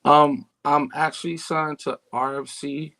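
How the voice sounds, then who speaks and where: A middle-aged man with a New York accent, calm and smooth, talking as a guest on a casual radio show from his home. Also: a little high, a little slow, poor audio. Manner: calm, smooth, laid-back. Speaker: guest singer and producer.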